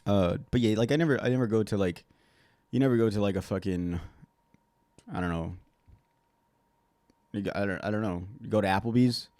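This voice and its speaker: A man's voice: lowish voice, a little fast, long pauses, dark tone, dry recording. A man hosting a solo podcast, ranting in a sarcastic, rambling way and swearing constantly. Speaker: podcast host.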